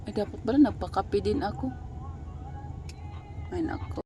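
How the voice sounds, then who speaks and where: A young Filipino mother vlogs with her kids while waiting outdoors near a clinic, chatting casually in a Tagalog-English mix as she coaxes and scolds her toddler. Her voice is medium-pitched and dark-toned at a moderate pace, with soft music under it. Traffic noise and passing vehicles fill the background.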